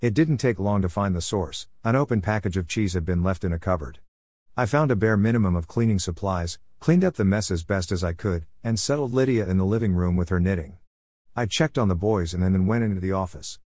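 A man calmly narrating a first-person story in an even storytelling manner. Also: sits low, a little fast, dry recording, studio quality. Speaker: audiobook narrator.

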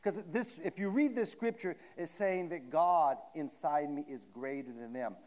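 A man preaching a sermon, swinging from shouted declarations down to hushed asides. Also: on the high side, a little slow.

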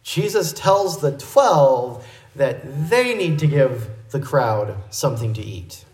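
A man's voice: medium pitch, sing-song, darkish tone. Man preaching in an echoey room. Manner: measured, explanatory teaching delivery. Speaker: pastor. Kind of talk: expository sermon.

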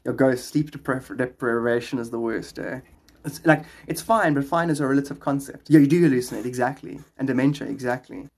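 Young South African male streamer, rambling and chatty, rough grainy voice. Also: medium pitch, fairly quick. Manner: chatty, rambling, laughs often. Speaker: live streamer. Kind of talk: casual chat with live chat viewers.

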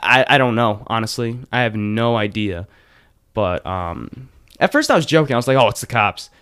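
A man's voice: mid-range voice, moderate pace, clean tone. Rambling teenage guy telling a story. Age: teens. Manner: rambling, animated retelling with many fillers. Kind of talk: casual chat.

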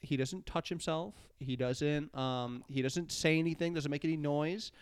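A man's voice: a little high, fairly even intonation, moderate pace, clean tone, no echo. A young man co-hosting a podcast, chatting casually, telling stories and laughing often. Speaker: podcast co-host. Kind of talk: casual comedic chat.

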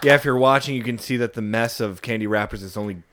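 A man's voice: medium pitch, quick pace, a bit bright. A young man co-hosting a podcast, blunt and reactive, swearing often. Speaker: podcast co-host. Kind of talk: casual chat.

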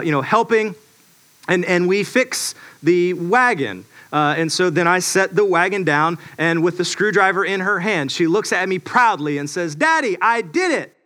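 Slightly high-voiced, chatty male pastor. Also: pushed and bright. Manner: conversational storytelling with many fillers and restarts. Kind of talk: sermon.

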